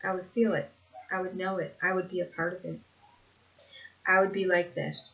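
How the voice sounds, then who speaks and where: A woman's voice: fairly low pitch, flat delivery, unhurried, long pauses, fairly bright tone. An older woman talking earnestly in a casual home video monologue, repeating herself for emphasis and laughing often. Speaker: vlogger sharing lived experience. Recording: dull lo-fi home recording.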